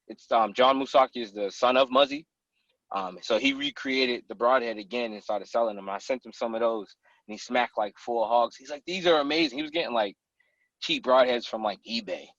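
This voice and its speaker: A man as a podcast guest, chatting casually and telling animated stories about hunting. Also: mid-range voice, dry recording, dull audio. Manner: animated, acts out people in his stories. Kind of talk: casual storytelling chat.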